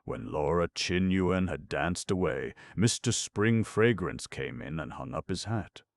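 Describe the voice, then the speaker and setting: A man narrating a classic story for an audiobook in measured, even storytelling. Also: low-pitched, no echo, studio quality. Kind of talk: scripted narration.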